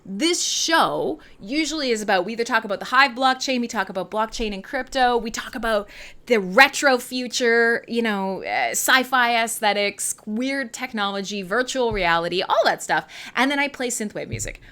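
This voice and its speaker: A woman's voice: on the high side, lively intonation, normal speed, pushed and bright. A tired woman from Canada hosting a casual livestream, rambling, giggly, swearing freely and making fun of herself. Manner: rambling, giggly, profane, self-mocking. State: tired and high. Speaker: livestream host.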